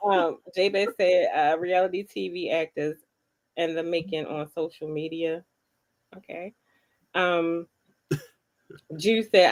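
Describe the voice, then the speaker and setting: A woman's voice: on the low side, fairly even intonation, slow pace, long pauses. A woman co-hosting a casual talk show, reading viewer comments aloud and laughing often. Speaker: co-host. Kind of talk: casual chat.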